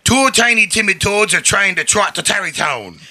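A man's voice: sits high, lively intonation, normal speed, sharp tone, exaggerated voice. A man voicing a cheerful Irish man in a mock Irish accent, laughing and stumbling over words. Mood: jokey. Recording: noisy recording.

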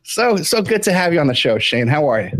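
A man's voice: fairly high pitch, very animated, fairly quick, a bit bright, no room sound. A man hosting a podcast, plugging the show and chatting with guests in a folksy, easygoing way full of fillers. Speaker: podcast host. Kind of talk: casual interview chat.

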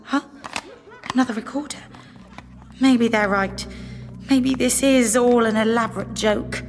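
A weary, sarcastic base boss. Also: female voice, a little high, fairly even intonation, a little slow, music in the background. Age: 20s. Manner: exasperated, sarcastic. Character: weary young woman boss of a Mars base.

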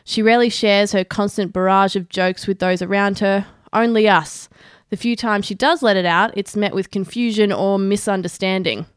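A woman's voice: medium pitch, fairly even intonation, normal speed, clear, resonant tone, dry recording. A woman, co-hosting a podcast and delivering a prepared review in a dry, sardonic manner, swearing freely. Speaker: podcast co-host. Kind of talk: prepared review read aloud.

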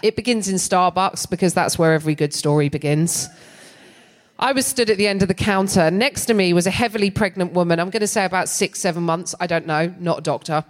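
A middle-aged woman performing stand-up comedy on a theatre stage, telling a story with a sardonic, animated delivery and laughing between lines. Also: lowish voice, a little fast.

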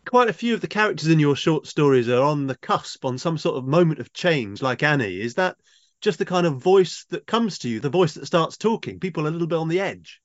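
A man's voice: on the high side, sing-song, fairly quick, muffled recording. A man hosting a literary podcast, asking inquisitive and lightly teasing questions. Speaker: podcast host and interviewer. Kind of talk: podcast interview.

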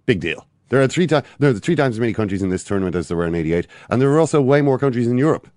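A man from Ireland giving football opinions on a podcast, halting with many "uh"s and a dry wit. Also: mid-range voice, expressive, a little mellow, no echo. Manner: hesitant, full of "uh" and "um", dry wit. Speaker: football pundit. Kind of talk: casual football chat.

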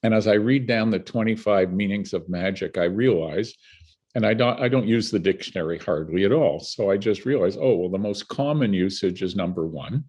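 This older Canadian guest has a fairly low, husky voice and a moderate pace. In conversation he tells animated, vivid anecdotes, laughing in between.

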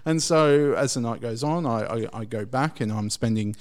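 A man telling a long personal story in casual chat, rambling and halting, with frequent restarts. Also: mid-range voice. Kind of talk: casual anecdote.

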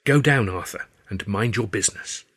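A man voicing a frightened young stage performer who speaks in an urgent, breathy whisper. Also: lowish voice, normal speed, a bit bright. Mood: hushed urgent. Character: battered woman performer, hushed and urgent.

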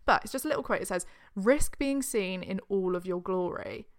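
A woman's voice: medium pitch, normal speed. A woman co-hosting a podcast, chatting in a reflective, casual way and swearing offhandedly. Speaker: podcast co-host. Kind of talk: casual chat.

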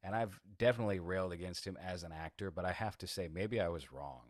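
A man's voice: low voice, fast talker, no room sound, studio quality. A man co-hosting a podcast in casual chat, sarcastic and provocative. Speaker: podcast co-host.

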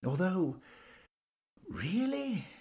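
A man's voice: sits high, very animated, extremely slow, warm tone, pitched above the performer's own voice, heavily acted. A man voicing Henry, a genteel elderly male ghost who speaks in a proper, old-fashioned way. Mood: bemused.

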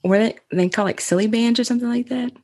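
A woman's voice: on the high side, quick pace, warm tone. A woman in her thirties co-hosting a casual chat, rambling with lots of "like" and frequent laughs. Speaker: podcast co-host.

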